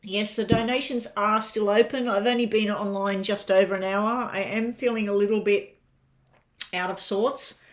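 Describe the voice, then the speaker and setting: Australian woman, mid-pitched, casual live tarot reader talking through her cards. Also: fairly even intonation, normal speed. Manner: chatty, thinks aloud over the cards. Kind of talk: live-stream tarot reading.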